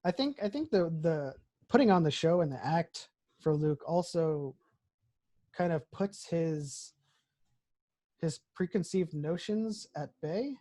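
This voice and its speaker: A man's voice: fairly high pitch, dark tone. A man co-hosting a podcast in casual chat, rambling and thinking aloud as he talks. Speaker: podcast co-host.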